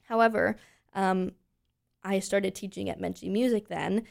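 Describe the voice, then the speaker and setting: Chatty young woman with gravelly edge. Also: medium pitch, measured pace. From Pennsylvania, USA. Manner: chatty, animated storytelling with lots of fillers. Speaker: guest, voice teacher. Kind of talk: casual interview chat.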